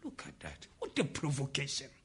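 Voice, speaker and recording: A man preaching an impassioned sermon, often shouting and putting questions to the congregation. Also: medium pitch, wildly swooping pitch, brisk, vocal fry, husky.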